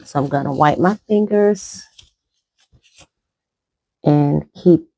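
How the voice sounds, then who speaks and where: Chatting and rambling as she puts on makeup, a middle-aged vlogger gives a casual tutorial. Her low, gravelly voice is mellow, and she takes it slowly with long pauses. It's a dry recording.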